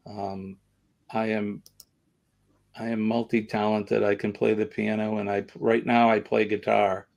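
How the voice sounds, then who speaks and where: Chatty Boston man with a gravelly voice. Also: lowish voice, flat delivery, a little slow, darkish tone. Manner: rambling, chatty, self-deprecating. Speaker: livestream host. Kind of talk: casual live chat.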